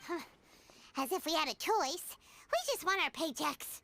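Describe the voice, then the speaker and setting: A woman's voice: high-pitched, moderate pace, background noise. A woman voicing a tiny, indignant female companion creature in a game, whiny and referring to herself in the third person. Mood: grumbling. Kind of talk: game voice acting.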